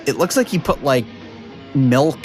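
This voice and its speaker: A man's voice: mid-range voice, expressive, measured pace, darkish tone, faint music behind. A man hosting a podcast in casual chat over a video call, rambling with lots of fillers and frequent laughs. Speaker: podcast host.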